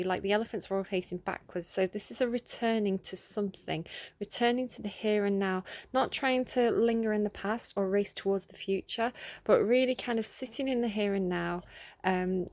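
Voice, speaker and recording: A woman chats through a tarot reading, recorded on a phone. She talks in a loose, rambling way with many ums and side remarks. Her voice sits at a middling pitch. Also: darkish tone. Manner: chatty and rambling, many fillers. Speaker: tarot reader. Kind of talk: casual tarot reading to camera.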